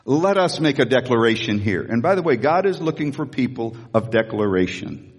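A man preaching a sermon as pastor, animated, acting out Bible scenes in a raised voice. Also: medium pitch, moderate pace, breathy edge, big-room sound.

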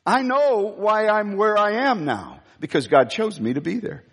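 A boisterous man preaches a sermon, acting out every quote as he tells his story. His voice sits high and a bit husky. It rings with the long reverb of a large hall. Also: lively intonation, measured pace, a bit bright.

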